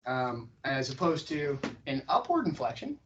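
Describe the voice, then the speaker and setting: A man teaching a sales class, stretching his pitch high and low to show how inflection works. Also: moderate pace, recorded from a distance, highs cut off, slight background noise. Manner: animated, swings pitch up and down for demonstration. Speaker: sales trainer. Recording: voice from across a room.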